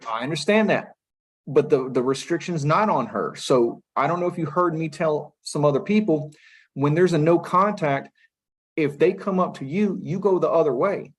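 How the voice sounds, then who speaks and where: Male judge in a courtroom, a bit high voice, firm but patient, keeps saying listen. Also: normal speed, low-quality recording. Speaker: magistrate judge. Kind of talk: courtroom first appearance hearing.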